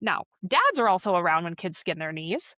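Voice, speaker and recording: A woman somatic coach, a podcast guest, explaining calmly and earnestly in an interview. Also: lowish voice, moderate pace, no echo, highs cut off. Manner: earnest, coaching, acts out little quoted voices.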